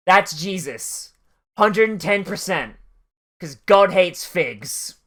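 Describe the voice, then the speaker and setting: A streamer riffs over an episode, swearing freely and drifting from one tangent to the next. The delivery is loose and conversational, at a middle pitch. The host talks as if to friends watching along. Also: lively intonation, takes it slowly, fairly bright tone. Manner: profane, rambling and tangential storytelling. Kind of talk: casual commentary while watching an episode.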